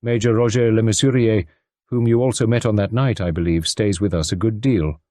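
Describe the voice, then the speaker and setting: A man's voice: fairly low pitch, steady tone, a little fast, mellow, no room sound, studio quality, lightly acted. A man voicing a worried upper-class mother with urgent, pleading speech in an audiobook reading. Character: anxious upper-class English mother, earnest.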